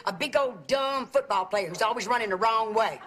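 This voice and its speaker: An actress playing a chatty, gossipy middle-aged aunt who fusses over how people pronounce words. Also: female voice, a little high, a little fast, loud music behind the voice, close to an everyday voice. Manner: chatty, gossipy, fussy about pronunciation. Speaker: sitcom aunt. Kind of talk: sitcom acting. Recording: noisy old TV sitcom audio.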